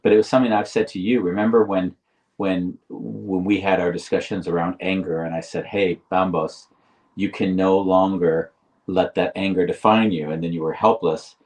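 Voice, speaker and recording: A man co-hosting a live talk show, explaining ideas deliberately and often restarting his phrases. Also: low-pitched, steady tone, a little mellow, recorded from a distance, rough recording. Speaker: podcast co-host. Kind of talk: reflective conversational explaining.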